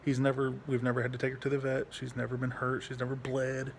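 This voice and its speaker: A man's voice: completely flat delivery, fast talker, creaky, slight background noise. A man talking bluntly in a casual, rambling vlog at home, swearing often and restarting his sentences. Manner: high baby-talk voice when speaking to his dog. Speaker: veteran vlogger.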